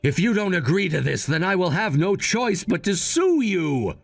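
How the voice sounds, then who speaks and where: A man plays a young adult son in a storybook drama, cool and scheming as he lays out terms. His voice is unusually high for a man and very lively in pitch, close and dry. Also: moderate pace, gravelly, no room sound, soft background music, heavily acted. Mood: firm. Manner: cool, firm, lecturing.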